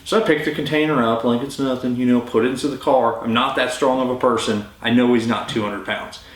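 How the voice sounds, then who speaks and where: A man's voice: medium pitch, a little fast. A young adult man casually telling a story-time tale in a chatty, informal way. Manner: informal, chatty, lively retelling. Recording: roomy echo.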